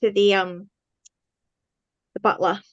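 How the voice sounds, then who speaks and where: A woman's voice: medium pitch, flat delivery, slow pace, fairly bright tone, dull audio. A woman playing a tabletop game, hesitant and genteel as she speaks in character. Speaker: player. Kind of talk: tabletop role-play.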